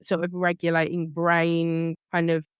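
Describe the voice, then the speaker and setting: A woman's voice: fairly low pitch, monotone, measured pace, clean tone, no room sound. Candid woman in her thirties hosting. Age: 30s. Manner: chatty, candid, self-deprecating. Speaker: podcast host. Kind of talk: casual conversational interview.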